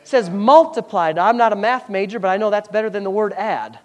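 Brief: pastor mid-sermon, reads verses slow, then presses points hard with questions and amens. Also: medium pitch, expressive, a little mellow. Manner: preaching with rhetorical questions and call-outs to the congregation; reads scripture aloud slowly, then speeds up explaining.

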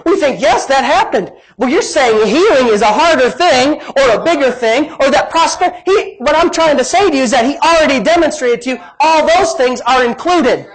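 A middle-aged man preaching a sermon as pastor, animated, moving between quiet asides and emphatic rising lines. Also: very high voice, normal speed, few pauses, rough recording.

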